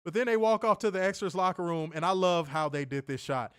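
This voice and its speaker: A young man casually reviewing a wrestling show, excitable and slangy, laughing often and repeating phrases. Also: high voice, brisk, clear, resonant tone, dry recording, studio quality. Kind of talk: casual live-stream commentary reading chat.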